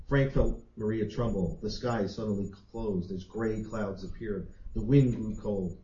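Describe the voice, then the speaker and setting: A man's voice: fairly low pitch, measured pace, hardly any pauses, warm tone, a little hiss or hum. Man reading his fiction aloud. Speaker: author. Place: library reading event. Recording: roomy, dull recording.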